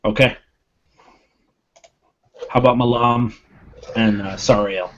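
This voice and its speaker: A man's voice: mid-range voice, steady tone, takes it slowly, very noisy. A man narrates a tabletop game as game master, describing each scene. He corrects himself as he goes. His voice comes through dull and lo-fi.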